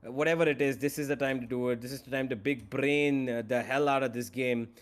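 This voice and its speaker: A man casting a live esports match, excitable and rising to shouts on big plays. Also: medium pitch, fast talker. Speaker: esports caster. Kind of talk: live play-by-play commentary.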